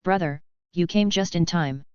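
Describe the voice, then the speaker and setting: A woman's voice: fairly low pitch, moderate pace, darkish tone, clean tone, dry recording, muffled recording, lightly acted. A woman reading a defiant young male swordsman.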